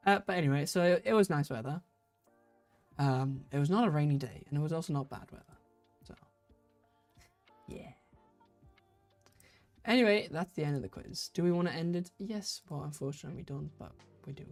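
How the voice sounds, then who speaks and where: Low-voiced woman hosting a chatty livestream. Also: fairly quick, pauses often, darkish tone, soft background music. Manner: chatty, giggly, trips over words. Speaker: livestream host running a quiz. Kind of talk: casual live-stream chat.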